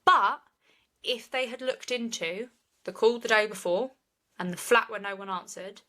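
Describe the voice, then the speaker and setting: A woman's voice: mid-range voice, normal speed, pushed and bright, low-quality recording. A woman, co-hosting a podcast and retelling a case in earnest, opinionated chat. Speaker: true crime podcast co-host.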